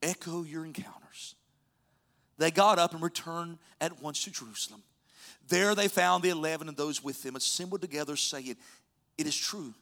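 A man preaching a sermon as pastor, telling stories and swinging from loud urging to soft near-whispers. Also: on the high side.

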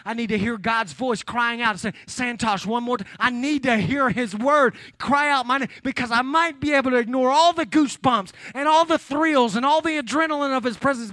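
High-voiced preacher building rhythmic crescendos. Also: male voice, no room sound, studio quality. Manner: rhythmic preaching with repetition, swinging from loud build-ups to hushed near-whispers. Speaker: pastor. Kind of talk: sermon.

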